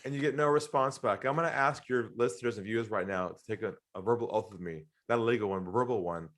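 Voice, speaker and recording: A middle-aged Australian man telling sales stories in an interview, animated, often acting out the voices of the people in them. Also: on the low side, fast. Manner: animated storyteller, acts out quoted voices, laughs often. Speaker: sales trainer guest. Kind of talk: storytelling interview talk.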